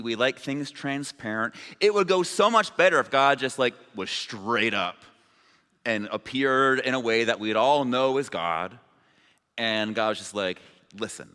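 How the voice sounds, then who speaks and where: A man's voice: mid-range voice, measured pace, bright, forceful tone, smooth. A man preaching a sermon as pastor, in a conversational, informal way with asides. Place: church sanctuary. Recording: long reverb of a large hall.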